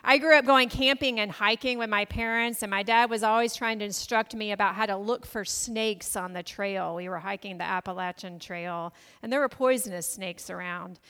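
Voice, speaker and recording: A woman's voice: mid-range voice, moderate pace, hardly any pauses, bright, forceful tone, clear, resonant tone, big-room sound. A woman pastor preaching a sermon in a conversational, storytelling way, often asking the congregation questions.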